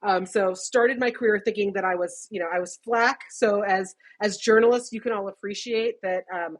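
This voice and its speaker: A woman in her fifties speaks as a guest analyst in a relaxed interview. Her voice sits at a middle pitch with a husky, breathy texture. She is chatty and animated, often laughing mid-sentence. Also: moderate pace. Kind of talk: casual interview conversation.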